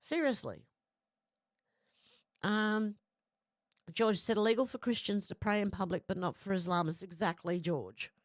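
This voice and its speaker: A woman's voice: medium pitch, fairly even intonation, normal speed, no echo, studio quality. A woman who has a cold and a runny nose, chatting casually on a livestream and reading out viewer comments with frequent apologies.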